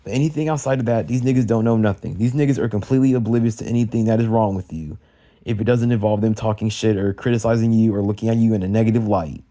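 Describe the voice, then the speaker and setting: A man's voice: fairly low pitch, fairly even intonation, fast talker, warm tone. A young man venting in an agitated, profane late-night rant, tripping over restarts as he goes. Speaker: vlogger.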